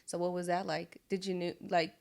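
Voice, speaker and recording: Brief: woman podcast host, lowish voice, relaxed and chatty interviewer. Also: moderate pace, vocal fry. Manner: relaxed, chatty questions with casual slang.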